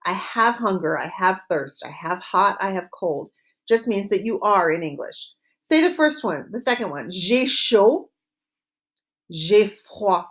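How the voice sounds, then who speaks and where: A woman teaching a recorded French lesson, modeling phrases slowly and clearly for students to repeat. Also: medium pitch, animated, a bit bright.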